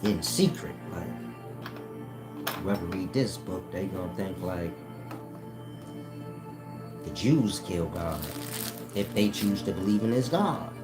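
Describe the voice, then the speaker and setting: A man with a fairly low voice talks straight to his listeners in a loose, profane monologue. He keeps checking in with them to see if they follow. Faint music plays underneath. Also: lively intonation, slow pace, pauses often. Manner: profane, keeps asking "you get my point?"; addresses listeners as "y'all". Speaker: channel host. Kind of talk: casual explanatory monologue.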